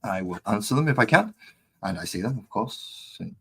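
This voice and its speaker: A man's voice: on the low side, lively intonation, moderate pace, a bit bright, breathy edge. A man casually chatting on a live stream while painting models, rambling and easily distracted.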